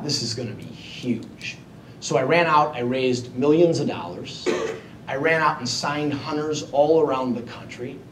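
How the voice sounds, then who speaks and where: Male keynote speaker, animated storyteller who plays out his own thoughts, distant mic with a faint low rumble. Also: roomy sound. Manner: self-mocking humor. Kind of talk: motivational storytelling speech. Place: event hall before an audience.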